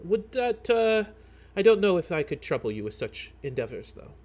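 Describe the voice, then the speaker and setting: A man voicing a worried, overly polite male shopkeeper in a tabletop game, speaking haltingly. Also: high-pitched, very animated, a little mellow, voice pushed up. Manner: hesitant, halting, overly courteous.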